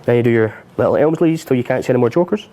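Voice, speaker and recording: Man, magic tutorial on a live stream, chatty, jokes at his own expense, laughs a lot, ordinary middle pitch. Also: animated, racing, dark tone, slight background noise. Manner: chatty and self-mocking, laughs often. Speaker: magic instructor.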